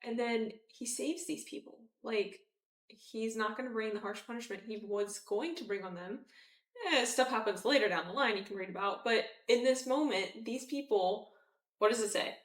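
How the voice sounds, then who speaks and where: Woman doing casual bible study, kinda high voice, lots of "like", roomy sound. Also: moderate pace, far from the mic. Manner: chatty, animated, many fillers, acts out quotes.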